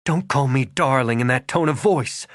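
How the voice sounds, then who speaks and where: A man voicing a tense, proper young woman in an audiobook, indignant and clipped, his voice raised well above its usual pitch. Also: normal speed, no echo, studio quality, natural voice. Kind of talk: audiobook character voice.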